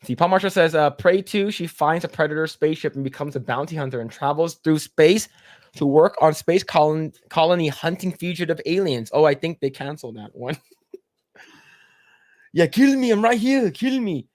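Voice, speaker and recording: A man's voice: fairly high pitch, a little fast, no room sound, studio quality. A man hosting a casual podcast, reading chat comments aloud and rambling with frequent swearing and laughter. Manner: rambling, profane, laughs often.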